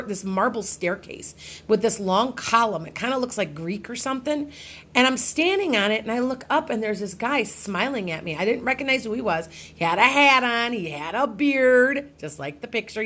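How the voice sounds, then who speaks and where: A woman's voice: fairly high pitch, a bit bright. A middle-aged woman, a psychic medium, telling a personal ghost story to her followers in a casual, rambling way with many restarts.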